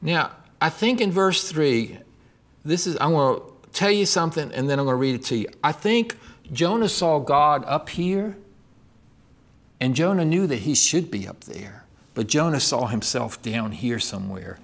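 A man's voice: fairly high pitch, normal speed. A middle-aged male pastor preaching a sermon, reading scripture aloud and asking his listeners questions. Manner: expressive preaching, voicing scripture and God's lines, asks the congregation questions.

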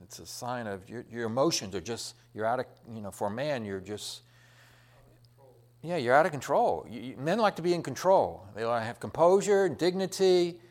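A middle-aged man delivers a sermon, retelling scripture in a plain, folksy way. He rambles, doubles back on his words and fills pauses with "uh" and "um". His voice sits at an ordinary pitch for a man. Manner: folksy, rambling retelling with many fillers and restarts. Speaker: preacher.

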